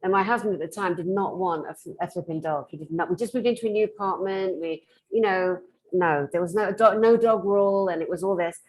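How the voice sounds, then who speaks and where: Woman, lowish voice, chatty rambling storyteller. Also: brisk, few pauses, poor audio. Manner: rambling, self-correcting, animated. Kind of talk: casual storytelling.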